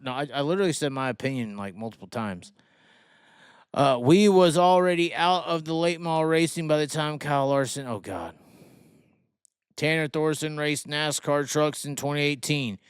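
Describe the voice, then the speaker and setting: A man's voice: a little high, moderate pace, smooth, dry recording, clean studio sound. A man hosting a racing livestream, arguing his point with strings of rhetorical questions and repeated words. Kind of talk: casual livestream commentary.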